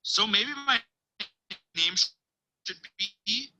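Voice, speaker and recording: A teacher reads a picture book aloud to children in a bright, keen woman's voice. Her pitch swoops up and down as she tells the story, and she drops into hushed asides and dramatic pauses. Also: animated, low-quality recording.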